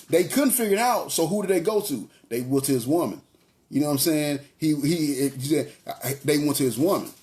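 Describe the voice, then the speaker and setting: A man's voice: a little high, darkish tone. A man preaching a casual, conversational sermon in a chatty, slangy way, talking straight to his congregation. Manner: street-talking, chatty, addresses the congregation as y'all.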